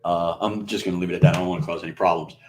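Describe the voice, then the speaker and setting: A man's voice: sits low, fairly even intonation, racing. New York man, mixed Queens-Bronx accent, scratchy and rustic, rambling and profane, roomy echo. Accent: New York mix of Queens and Bronx. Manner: profane, rambling, with many fillers and restarts. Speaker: radio and video host. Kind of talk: casual rambling monologue.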